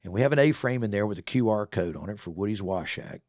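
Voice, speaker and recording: A middle-aged man telling a story in a casual podcast interview, folksy and animated. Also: on the low side, fast talker, dry recording, clean studio sound. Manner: folksy, animated storyteller acting out quoted voices. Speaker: business owner and real estate developer.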